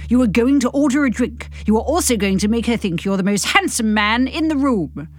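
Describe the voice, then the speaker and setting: A woman reading the lines of an urgent, commanding male companion in an audiobook, speaking insistently and deliberately. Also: a little high, lively intonation, no room sound, studio quality.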